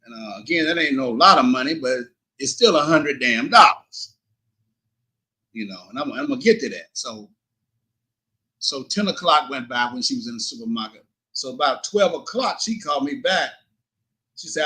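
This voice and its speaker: A middle-aged man telling a story on his livestream, animated and indignant, cursing and quoting both sides of an argument. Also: mid-range voice, moderate pace, long pauses. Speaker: livestream host.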